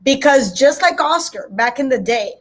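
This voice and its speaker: A woman guest analyst giving opinions on boxing in casual, animated talk, now and then slipping in a Spanish word. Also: sits high, normal speed, crowd noise. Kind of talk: casual chat.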